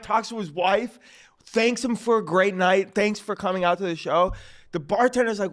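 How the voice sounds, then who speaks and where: A man, a guest comedian, telling stories in a casual, animated and profane way on a podcast. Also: high voice, normal speed. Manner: animated, profane storyteller acting out quotes. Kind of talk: casual storytelling. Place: podcast studio.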